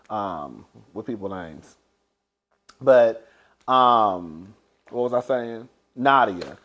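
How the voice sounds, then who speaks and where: A man chatting casually as a show reviewer, dishing gossip, calling listeners "girl" and often breaking into laughter. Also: mid-range voice. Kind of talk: casual gossipy recap chat.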